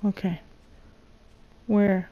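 A woman's voice: medium pitch, flat delivery, drawn-out words, phone-quality sound. A woman hosting a gaming channel, muttering to herself through a survival game with jittery, frightened chatter and sudden panicked yelps. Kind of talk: solo let's play commentary.

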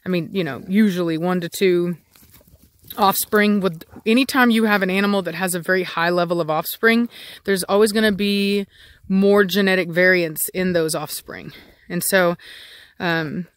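A woman's voice: lowish voice, steady tone, normal speed, dry recording. Chatty woman breeder, dry close sound. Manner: rambling, chatty, many fillers and restarts. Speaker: dog breeder. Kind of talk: casual outdoor vlog chat. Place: outdoors in a yard with dogs.

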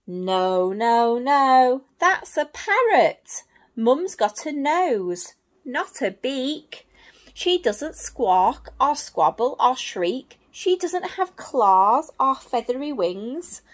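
A woman's voice: high-pitched, sing-song, very slow, full character voice. A woman voicing a small young monkey looking for its mother in a storybook, insistently correcting a friend. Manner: insistent, exasperated repeated denials.

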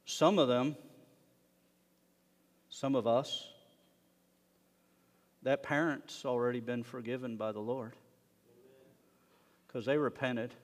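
A man preaching a sermon to his congregation, animated, swinging between loud emphasis and hushed asides. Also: mid-range voice, slow, long pauses. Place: synagogue sanctuary. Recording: long reverb of a worship hall.

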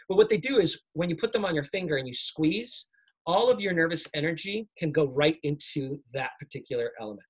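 A man teaching communication skills in a casual, energetic workshop, showing little tricks as he talks. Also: on the high side, breathy edge. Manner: energetic, demonstrates tricks while talking. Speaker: speaking coach. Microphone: video call.

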